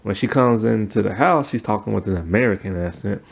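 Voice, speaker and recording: A man's voice: lowish voice, fairly quick, vocal fry. A man recapping a TV episode in a casual, rambling way, full of fillers. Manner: rambling, filler-heavy retelling. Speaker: TV episode reviewer.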